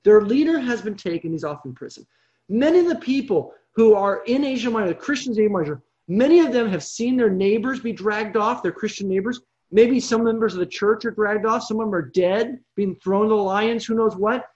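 Animated Bible study leader, lo-fi sound. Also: mid-range voice, a little fast. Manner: animated storytelling with frequent check-ins. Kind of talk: evening online Bible study.

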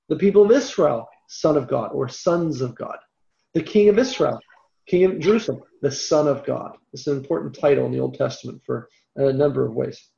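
A man leads a verse-by-verse Bible lesson in an animated, conversational way, often breaking off into asides and correcting himself. His voice sits high with a gravelly fry. The sound is roomy and echoey on a dull, lo-fi recording. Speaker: Bible teacher.

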